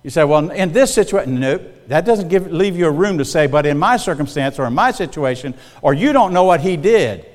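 A middle-aged man preaches in a folksy, conversational style and keeps asking his listeners whether they are following. His voice sits a little high for a man. The sound rings with the long reverb of a large hall. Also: expressive, a little fast, hardly any pauses. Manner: folksy, conversational, checks in with the congregation. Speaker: pastor. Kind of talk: sermon.

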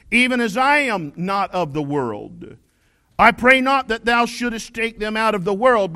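Man, pastor, sermon, high voice, very animated pitch. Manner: preaching with rising shouted emphasis and slow scripture reading.

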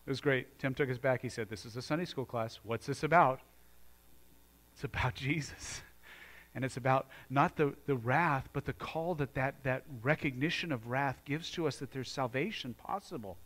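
A man preaching a sermon as pastor, moving from quiet, earnest talk to loud, fired-up exhortation. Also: medium pitch, moderate pace.

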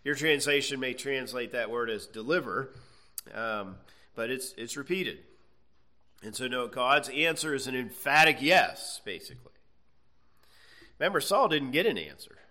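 Bible teacher, male, bright forceful tone, reads verses then unpacks them casually for the class. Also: mid-range voice, expressive, normal speed, pauses often. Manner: conversational, checks in with frequent "okay"; reads scripture aloud then explains.

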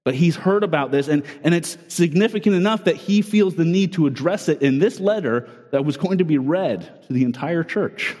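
A man's voice: fairly high pitch, moderate pace, hardly any pauses, a little mellow. A man, in his thirties or forties, preaching a sermon in an earnest, conversational way, often restarting and repeating words. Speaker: pastor. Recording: long hall reverb.

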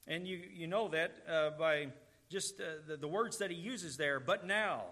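A pastor preaches a sermon at a normal speed, his bright, forceful voice pitched slightly higher than usual. He is earnest, hammering home each point with emphatic repetition.

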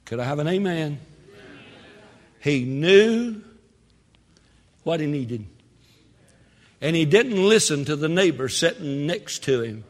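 Animated preacher man in an echoing church. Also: on the high side. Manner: animated preaching with sudden shouts and quick asides. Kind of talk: sermon. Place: church sanctuary. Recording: long hall reverb.

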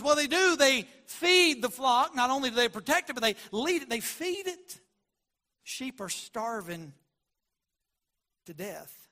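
A man preaching a sermon as a pastor, passionate, moving between hushed and loud delivery. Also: sits high. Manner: passionate, shifts from quiet to loud.

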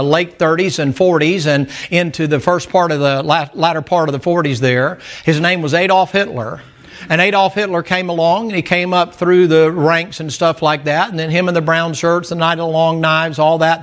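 A man preaching a sermon in a folksy storytelling manner with emphatic asides. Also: fairly high pitch.

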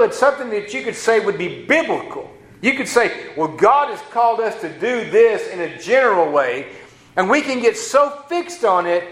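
Pastor preaching, folksy and chatty, bit high voice, echoey room. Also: male voice, fairly bright tone. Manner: folksy conversational preaching with asides. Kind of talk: sermon.

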